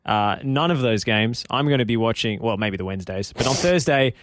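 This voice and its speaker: A man's voice: mid-range voice, fairly quick, noisy background. A man co-hosting a football podcast in casual chat, wry and joking. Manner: wry, joking, laughs often. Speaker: podcast co-host. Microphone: podcast microphone.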